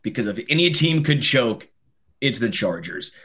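A man co-hosting a sports podcast, speaking. He rattles off ad copy at speed and rants with animation about football. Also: mid-range voice. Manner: rapid-fire ad reading, animated ranting. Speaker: podcast co-host. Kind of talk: casual sports chat and read ad.

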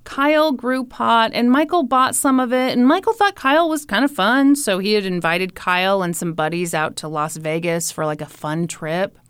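A woman's voice: mid-range voice, normal speed, few pauses, clean tone, no echo, clean studio sound. A woman from Kansas City co-hosting a podcast, telling a story in casual chat, joking and quoting people in playful voices. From Kansas City, Missouri. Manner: animated, jokey, quotes people in playful voices. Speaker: podcast co-host.

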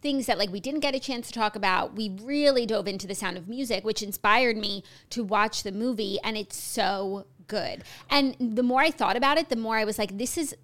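A woman co-hosting a podcast in casual chat, giving quick, enthusiastic recaps. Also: medium pitch, a bit bright. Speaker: podcast co-host.

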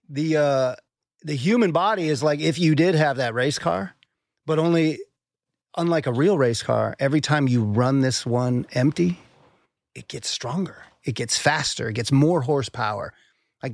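A man's voice: fairly high pitch, gravelly, no room sound, studio quality. A man talking candidly as a podcast guest, intense, swearing freely and repeating words as he works through a thought. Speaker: podcast guest, endurance athlete. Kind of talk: candid conversational interview.

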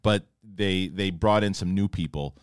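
A man's voice: deep voice, a little slow, clear, resonant tone, dry recording, studio quality. A man hosting a podcast in casual chat, rambling, profane and joking as he tells stories. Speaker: podcast host.

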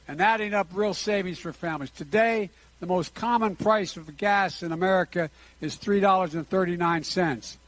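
Brief: older male politician at a podium, high-pitched, measured and emphatic. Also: fairly bright tone. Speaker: politician giving a speech. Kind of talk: prepared public speech.

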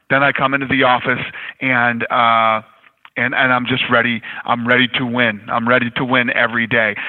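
A man talking bluntly and motivationally as a podcast guest, swearing freely. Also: medium pitch. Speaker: guest, fight promotion executive. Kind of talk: casual podcast conversation. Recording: tinny phone-line sound.

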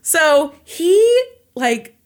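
A woman casually retelling a true-crime story to a friend, animated and laughing, her voice jumping high when excited. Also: extremely slow.

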